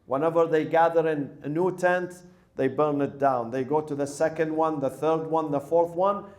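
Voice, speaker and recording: High-voiced man preaching a mourning sermon. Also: a little mellow. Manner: emotional, breaks into chanted Arabic.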